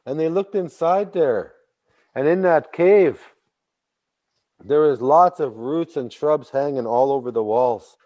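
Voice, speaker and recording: A man telling a traditional story in a slow, deliberate way, with a mellow, dark voice. He repeats phrases and bursts into animated emphasis at key moments. The audio is slightly dull and lo-fi. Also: on the high side. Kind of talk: oral storytelling.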